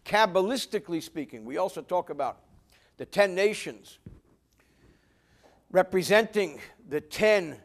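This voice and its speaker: A man teaching as a rabbi, reading Hebrew phrases and translating them line by line, with expressive rises and drops in pitch and volume. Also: a little slow, pauses often. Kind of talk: line-by-line text lesson, Hebrew read then translated.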